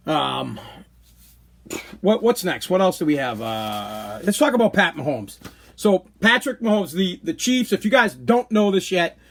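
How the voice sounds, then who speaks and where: Blunt, high-voiced guy ranting. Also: a bit bright. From Boston, New England. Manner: opinionated, joking, blunt. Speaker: podcast host. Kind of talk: casual live-stream rant.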